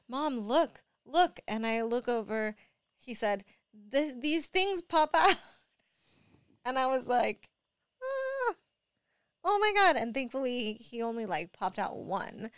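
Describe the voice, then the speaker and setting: Chatty young mom, smooth voice. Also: female voice, fairly high pitch, no room sound, clean studio sound. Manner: rambling, animated, many fillers. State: drowsy from allergy medicine. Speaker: mother of young kids. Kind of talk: casual storytelling vlog.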